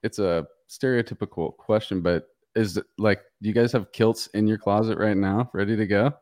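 A man hosting a podcast in casual chat, excitable and rambling, swearing a lot. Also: on the low side, normal speed, no room sound, clean studio sound. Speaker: podcast host.

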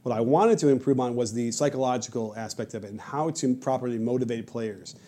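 A man telling stories on a podcast in a rapid, animated way, often restarting his sentences. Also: mid-range voice. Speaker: podcast guest, basketball coach and creator. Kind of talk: casual podcast conversation.

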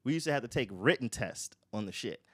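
A man co-hosting a podcast, chatting casually in a rambling, animated way and swearing freely. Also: mid-range voice, fairly quick, no room sound, clean studio sound. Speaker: podcast co-host. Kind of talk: casual chat.

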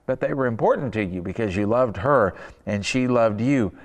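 A man's voice: medium pitch, expressive, normal speed. A man preaching a sermon, telling stories in a folksy way and asking his listeners questions. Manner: folksy storytelling with rhetorical questions. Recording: reverberant hall.

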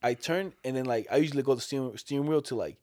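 A young man telling a story in casual chat, animated and swearing, acting out the voices of the people in it. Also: medium pitch, fast talker, no echo, clean studio sound.

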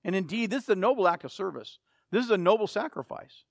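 A man's voice: high voice, expressive, quick pace, creaky, no echo, clean studio sound. A man preaching a sermon, emphatic and repeating key phrases for effect. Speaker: pastor.

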